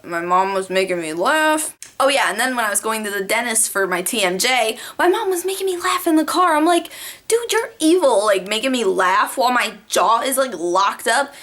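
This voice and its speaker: A young woman vlogging casually, telling stories to the camera with lots of "like" fillers and animated asides. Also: a little high, moderate pace. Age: young adult. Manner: chatty, animated, many "like" fillers.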